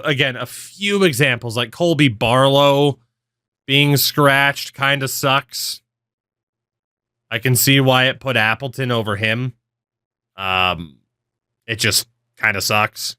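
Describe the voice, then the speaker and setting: A man's voice: mid-range voice, takes it slowly, long pauses, bright, forceful tone, smooth, dry recording, clean studio sound. A young man giving rambling, offhand commentary on a hockey video game, swearing now and then. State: yawning, with hiccups. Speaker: gaming video creator. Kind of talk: casual commentary over gameplay.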